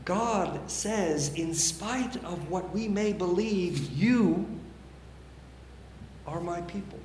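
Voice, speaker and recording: A man preaching a sermon as pastor, measured and emphatic, with deliberate pauses. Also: high-pitched, darkish tone, roomy sound, a little hiss or hum. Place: church sanctuary.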